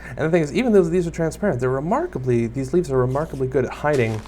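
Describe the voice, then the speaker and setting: A man's voice: medium pitch, lively intonation, quick pace, mellow, a little hiss or hum. Rambling self-mocking man narrating gameplay. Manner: rambling, self-deprecating, talks to viewers and mobs. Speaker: gaming YouTuber. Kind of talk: casual Let's Play commentary.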